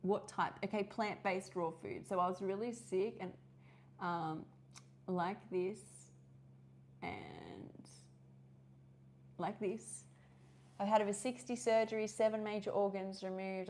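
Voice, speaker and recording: A woman's voice: mid-range voice, steady tone, a little slow, darkish tone, slight background noise. An Australian woman hosting a casual live-stream chat, rambling and chatty with many fillers and restarts. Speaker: host of a live wellness session.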